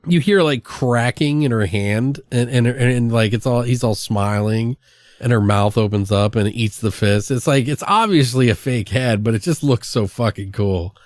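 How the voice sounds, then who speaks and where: Male podcast co-host, mid pitch, gleeful rambling storyteller, dry close sound. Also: normal speed, no echo. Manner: excited, profane storytelling, acts out film lines. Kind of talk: casual movie review chat.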